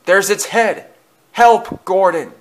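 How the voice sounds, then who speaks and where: A man voicing a small, frightened young male tank engine in a storybook reading, with high, jumpy, panicky cries. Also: expressive, fairly quick, a bit bright. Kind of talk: storybook character voice.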